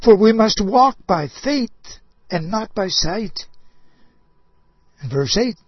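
A man preaching a sermon, impassioned, swinging between loud outbursts and soft low asides. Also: animated, slow pace, slightly rough, no echo, muffled recording.

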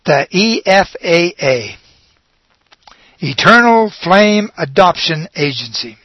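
A man preaching a sermon, slow and emphatic, leaning on dramatic pauses and repeated words. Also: sits high, big pitch swings, fairly bright tone, dry recording, rough recording.

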